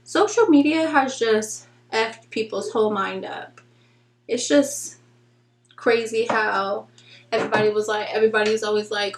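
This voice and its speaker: A young woman vlogging casually while doing her makeup, frank and slangy, acting out conversations in animated storytelling. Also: on the high side, normal speed. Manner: chatty, animated storytelling with acted-out quotes. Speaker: beauty vlogger. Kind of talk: casual get-ready-with-me chat. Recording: echoey room.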